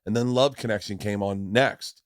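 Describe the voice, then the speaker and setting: A man's voice: on the low side, moderate pace, no room sound. A man in his forties from Florida, hosting a podcast in casual chat and telling stories with acted-out voices and lots of swearing, on a studio mic. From Tampa, Florida. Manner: animated storyteller, acts out voices and swears freely. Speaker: podcast host.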